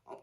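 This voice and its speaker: Sassy animated woman reviewing TV. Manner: animated, sassy, talks back at characters. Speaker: TV episode reviewer. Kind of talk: casual chat.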